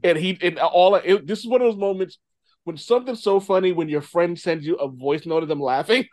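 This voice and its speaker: A man hosting a casual podcast chat, animated, swearing and laughing a lot. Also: sits high, brisk, dry recording, clean studio sound. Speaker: podcast host.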